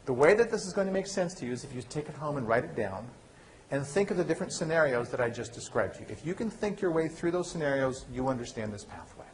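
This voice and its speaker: A man giving a university lecture, lively and asking the class questions he then answers himself. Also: fairly high pitch, fast talker, crowd noise. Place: lecture hall.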